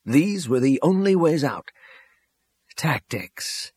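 A man's voice: on the high side, big pitch swings, slow pace, a little mellow, slightly rough, no room sound. A man narrating an action novel as an audiobook reader, reading expressively and voicing the characters' dialogue. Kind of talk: scripted narration.

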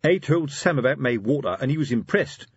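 A man's voice: medium pitch, lively intonation, a little fast, slightly rough, no room sound, highs cut off, voice pushed up. A man voicing a pompous, lecturing middle-aged police sergeant who talks in a fussy, hesitant way. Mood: grave.

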